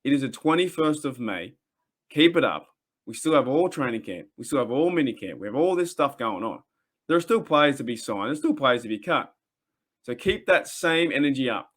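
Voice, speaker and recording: An Australian man rants on his own podcast, recorded alone in his room. He talks at an ordinary middle pitch and rambles with many restarts. He keeps up a heated, trash-talking fan energy. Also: animated, normal speed, fairly bright tone. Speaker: podcast host. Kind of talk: solo fan rant podcast.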